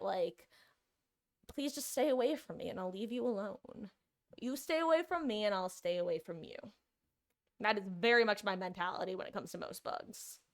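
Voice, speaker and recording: Playing a game on her live stream, a young New Jersey woman rambles and chats easily with her audience. She has a mid-range voice with a fairly bright tone. Chatty and meandering, she pauses mid-story to say hi to viewers.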